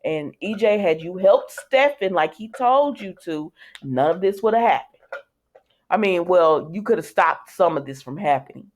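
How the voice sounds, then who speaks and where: A woman's voice: lowish voice, lively intonation, moderate pace, a little mellow. Chatty woman recapping a soap episode. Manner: rambling, many fillers and restarts, chatty asides. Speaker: soap opera recap vlogger. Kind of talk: casual recap chat.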